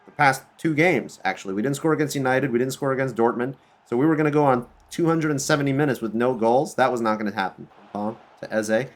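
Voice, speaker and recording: A man commentating his football video game career mode, excitable and swinging between groans and outbursts at his players. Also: mid-range voice. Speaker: gaming YouTuber.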